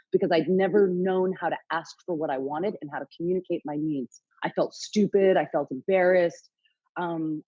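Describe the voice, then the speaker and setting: A woman in her late forties talks as a podcast guest, low and husky, with a mellow dark tone. She tells her story frankly, swears freely and acts out her own inner dialogue. The sound is dull, lo-fi and dry. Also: no room sound. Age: late 40s. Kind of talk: candid interview storytelling.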